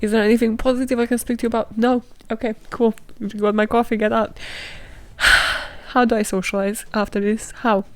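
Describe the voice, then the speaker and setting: A woman's voice: a little high, little pitch movement, a little fast. A young woman hosting a podcast, ranting bluntly and casually with lots of swearing. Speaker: podcast host. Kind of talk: casual monologue outro.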